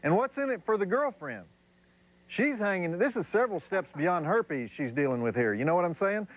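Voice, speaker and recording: A man's voice: sits high, expressive, a little fast, low-quality recording. A middle-aged man hosting a horror movie night, making sardonic, drawling cracks with chuckling asides. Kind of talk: wisecracking TV movie host.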